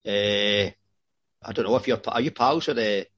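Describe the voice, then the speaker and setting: Teasing Scottish podcast host. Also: male voice, on the low side, normal speed, a bit bright, highs cut off. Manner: teasing banter. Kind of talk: casual podcast chat.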